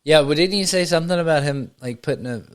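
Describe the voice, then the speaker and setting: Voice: medium pitch, fast, clear, resonant tone. Southern-accented podcast host, mid voice, teasing and swearing, laughs a lot. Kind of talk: casual podcast chat.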